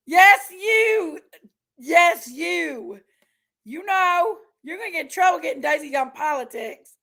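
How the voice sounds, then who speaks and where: A chatty woman hosts a casual livestream, greeting viewers by name and laughing easily. Her voice sits high and bright in pitch. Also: animated, slow pace, creaky. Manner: chatty, reads viewer names aloud and laughs often. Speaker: livestream host.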